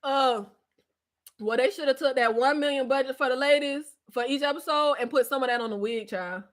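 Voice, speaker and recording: A woman hosting a casual live-stream recap chat, animated and slangy, laughing often, with a stuffy nose and scratchy throat. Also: sits high, brisk.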